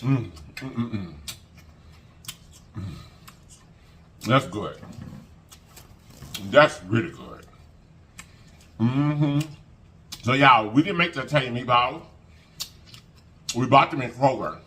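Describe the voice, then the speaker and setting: A man with a medium-pitched voice hosts a casual mukbang vlog, speaking slowly with long pauses. He's lively, folksy and chatty, humming to himself as he eats.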